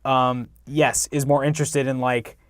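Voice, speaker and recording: A man co-hosting a casual movie review chat, easygoing and agreeable even when he disagrees. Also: mid-range voice, unhurried, dry recording, clean studio sound. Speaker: podcast co-host.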